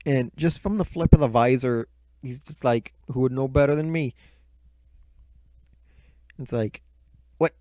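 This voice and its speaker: A man's voice: mid-range voice, unhurried, pauses often, dark tone, no room sound. A man reviewing a movie in a casual, rambling retelling, swearing often and mocking himself, speaking close into the microphone. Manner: rambling, heavy swearing, self-mocking asides. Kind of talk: casual profane retelling of a plot. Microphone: close mic, speaking right into it.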